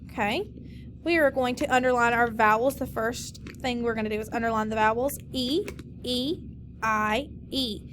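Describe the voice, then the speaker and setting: A woman teacher leading a recorded phonics lesson, slowly modeling and stretching out each word for students. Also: a little high, a bit bright, a little hiss or hum. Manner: slow, drawn-out modeling of words.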